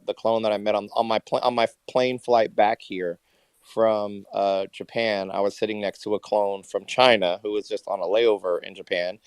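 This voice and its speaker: A man's voice: fairly low pitch, darkish tone, clean tone, no echo. A tired man in casual chat on a live audio space, talking in a laid-back, rambling way with many restarts. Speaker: Twitter Spaces speaker.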